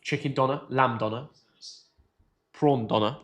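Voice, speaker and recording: A young man co-hosting a football reaction with his dad, full of teasing, rapid-fire banter. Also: medium pitch, steady tone, fairly bright tone. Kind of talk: casual live-reaction chat.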